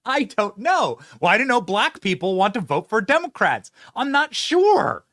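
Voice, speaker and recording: Male commentator, mocking and sarcastic, bright tone, very animated delivery, dry sound. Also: high-pitched, measured pace, no room sound. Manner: mocking, sarcastic, laughs often. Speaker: political show host. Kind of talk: opinionated political commentary.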